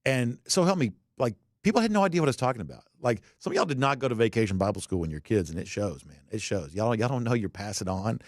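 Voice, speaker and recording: A man's voice: mid-range voice, lively intonation, fast, hardly any pauses, dry recording. Guy doing a sports podcast, chatty and folksy, dry close sound. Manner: conversational, folksy asides. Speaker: podcast host. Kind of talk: sports commentary monologue.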